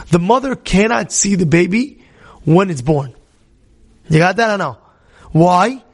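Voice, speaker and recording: High gravelly-voiced male storyteller. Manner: conversational, repeats himself, quizzes listeners. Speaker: religious teacher. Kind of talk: storytelling Torah class.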